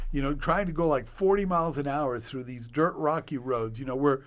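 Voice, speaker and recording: An older man, a doctor guest on a podcast, telling a personal story in conversation with animated delivery and laughter. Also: on the high side, fairly quick.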